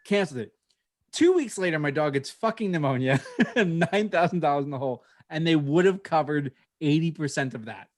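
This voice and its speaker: A man co-hosting a podcast, telling a story in casual chat with lots of swearing and animated delivery. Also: fairly high pitch, a little fast. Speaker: podcast co-host.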